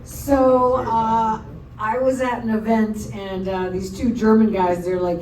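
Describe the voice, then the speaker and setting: A woman's voice: mid-range voice, moderate pace. A woman doing a stand-up comedy set in a bar, telling bawdy stories with teasing quoted dialogue. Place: bar stage. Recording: echoey bar room from far off, faint noise.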